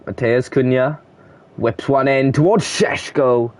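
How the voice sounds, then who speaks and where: A young man speaking slowly at a medium pitch commentates casually on a football video game, calling player names in short bursts and shouting whenever there's a goal or a chance.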